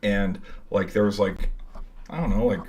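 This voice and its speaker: A man's voice: lowish voice, normal speed, darkish tone. A young man telling a game-day story in a casual, rambling way, swearing freely and filling with "like". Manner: rambling, profane, lots of "like". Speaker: college football fan vlogger.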